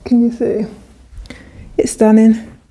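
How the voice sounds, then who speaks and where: Woman vlogger chatting away about clothes, warm mellow voice, keeps restarting her sentences. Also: on the high side, monotone, slow, slight background noise. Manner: chatty, enthusiastic, with frequent restarts. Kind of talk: casual try-on haul vlog.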